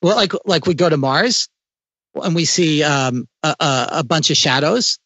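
A man speaking as an interview guest, explaining ideas in a lively way with frequent restarts. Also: a little high, unhurried, no echo, muffled recording. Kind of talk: conversational interview.

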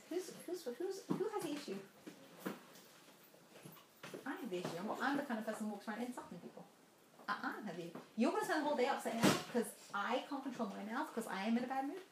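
A motivational speaker addresses a live audience, telling stories, getting laughs, and putting questions straight to her listeners. Her voice is fairly high, the sound is roomy, and there's slight background noise.

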